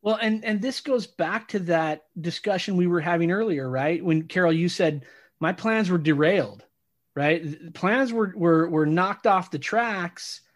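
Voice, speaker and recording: A man with a somewhat high voice co-hosts a casual interview podcast. He reflects aloud, often restarting his sentences as he works through his thoughts. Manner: reflective, halting, many restarts. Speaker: podcast co-host.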